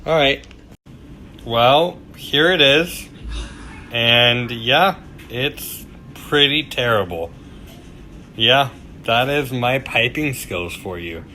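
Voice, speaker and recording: A man's voice: medium pitch, lively intonation, very slow, long pauses, pushed and bright, slight background noise. A young man hosting a casual home cooking demonstration, chatty and self-deprecating, with loose fillers and asides as he works. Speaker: cooking show host. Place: home kitchen.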